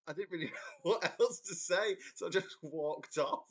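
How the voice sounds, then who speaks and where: This is a high, slightly bright male voice with a breathy edge, moving at normal speed. It belongs to a young Englishman from a band who hosts a relaxed livestream chat on a computer mic, laughing a lot as he wanders through a story and reads out viewer comments.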